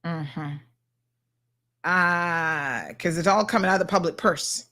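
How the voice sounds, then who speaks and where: A woman's voice: lowish voice, expressive, slow, sharp tone. A middle-aged woman hosting a talk show, blunt and sassy as she reacts to viewer comments.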